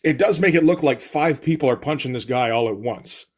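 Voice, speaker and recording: A man's voice: mid-range voice, brisk. Man giving wry, rambling comic commentary. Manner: wry, rambling, frequent fillers. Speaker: comic reviewer.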